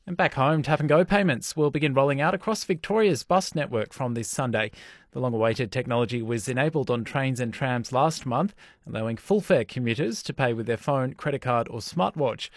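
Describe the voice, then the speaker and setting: A man's voice: mid-range voice, fairly quick, no room sound, studio quality. Male radio newsreader. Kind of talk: read radio news bulletin. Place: radio studio.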